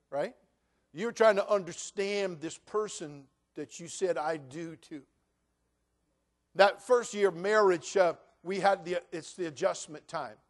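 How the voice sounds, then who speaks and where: High-voiced man in his sixties preaching. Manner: humorous storytelling, building to loud preaching. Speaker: pastor. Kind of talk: sermon.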